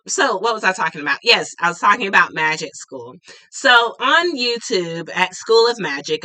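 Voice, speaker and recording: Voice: medium pitch, bright, forceful tone. A spiritual teacher hosting a live Q&A stream from home, talking casually in a rambling way with plenty of fillers, on a desk microphone. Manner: chatty, rambling, filler-heavy. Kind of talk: casual livestream chat.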